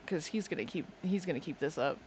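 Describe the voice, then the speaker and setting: A woman's voice: low voice, expressive, quick pace, a little mellow. Female streamer, casual and playful, doting tone with her pet, desk mic, faint noise floor. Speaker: game streamer. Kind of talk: casual live-stream chat. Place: home desk indoors. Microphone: desk microphone.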